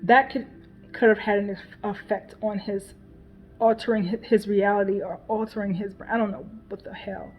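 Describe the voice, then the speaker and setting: A woman's voice: medium pitch, steady tone, normal speed, faint music behind. A woman talking as a mother in a casual personal vlog, emotional and repetitive, swearing and laughing bitterly as she talks things through. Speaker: mother venting on her channel. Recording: dull lo-fi sound.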